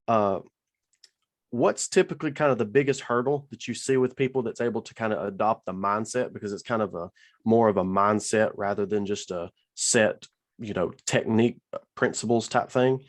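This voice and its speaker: A man in a meeting, asking a long question on a video call, rambling and hedging with fillers. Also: fairly low pitch. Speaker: meeting participant.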